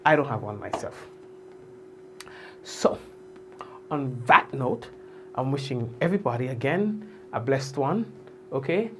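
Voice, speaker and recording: A man's voice: medium pitch, animated, unhurried, pauses often, music in the background. A man hosting a live news stream, chatting casually and teasing viewers by name as he signs off, laughing often.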